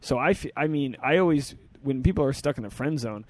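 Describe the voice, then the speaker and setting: A man's voice: mid-range voice, lively intonation, brisk. A man hosting a podcast, chatting casually with wry, teasing remarks. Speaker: podcast host. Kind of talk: casual chat.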